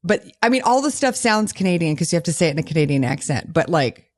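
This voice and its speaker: A woman's voice: lowish voice, sing-song, fast. A woman co-hosting a podcast in casual chat, playful and laughing often. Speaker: podcast co-host.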